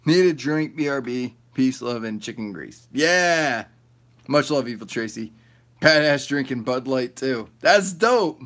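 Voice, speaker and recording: A man's voice: medium pitch, lively intonation, measured pace, a bit bright. A man hosting a casual livestream, reading chat aloud and rambling loosely, often swearing and laughing.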